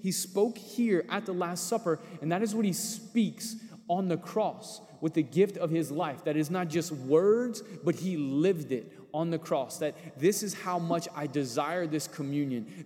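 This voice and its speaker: A man's voice: fairly high pitch, moderate pace, darkish tone, long reverb tail. A man preaching a sermon in a conversational, storytelling way. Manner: storytelling with acted quotes, conversational.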